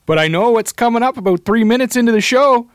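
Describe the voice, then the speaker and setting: A man voicing an eager male pinball fan with a Canadian accent, reading his message in a raised, excited voice. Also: fast talker, clear, resonant tone, no room sound, clean studio sound. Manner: excited, high-pitched read-out voice.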